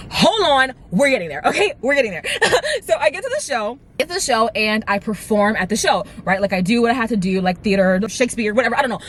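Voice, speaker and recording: A woman in her twenties telling a dramatic storytime vlog to her viewers, with lively asides. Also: fairly high pitch, a little hiss or hum. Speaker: vlogger. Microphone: camera mic.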